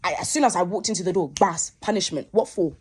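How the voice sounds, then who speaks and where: A woman's voice: on the low side, fast, slightly rough. Emphatic young woman host. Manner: animated, emphatic, repeats herself for emphasis. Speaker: podcast host. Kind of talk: casual storytelling chat.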